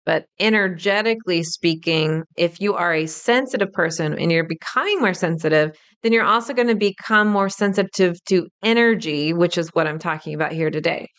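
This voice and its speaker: A woman in her thirties hosts her own podcast and explains her subject in an upbeat, teacherly way. Her voice sits a little low for a woman and sounds smooth and clear. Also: normal speed, few pauses, a bit bright. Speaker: podcast host.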